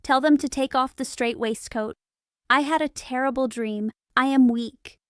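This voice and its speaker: A woman's voice: high voice, moderate pace, clear, resonant tone, no echo, studio quality, natural voice. A woman reading the part of a dying male asylum patient who pleads with desperate urgency, in an audiobook for English learners. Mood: urgent.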